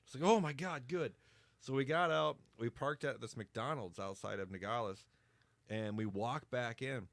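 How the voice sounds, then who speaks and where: A man's voice: medium pitch, moderate pace, vocal fry, no room sound. Profane, laughing man telling stories. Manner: profane, animated storyteller who laughs often. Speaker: podcast host. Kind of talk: casual storytelling chat.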